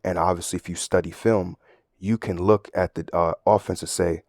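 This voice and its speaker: A man with a very low, deep voice talks through a casual sermon, recorded dry and close with no room sound. He explains things in a loose, conversational way and keeps checking in with his listeners. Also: steady tone, normal speed, darkish tone, no echo. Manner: conversational, tag questions, sports analogies. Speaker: Bible teacher.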